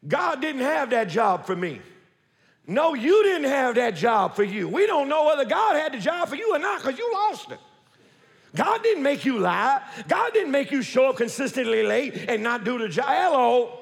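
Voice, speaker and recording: A male pastor with a high, swooping voice delivers an animated, folksy sermon full of joking asides. His words ring out with a long reverb from the church hall around him. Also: moderate pace, creaky.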